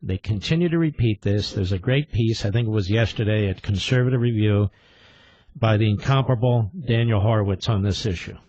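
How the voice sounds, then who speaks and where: A man's voice: lowish voice, a little fast, mellow, no echo, muffled recording. A man hosting a combative political talk radio show, indignant and emphatic, firing rhetorical questions and repeating his points.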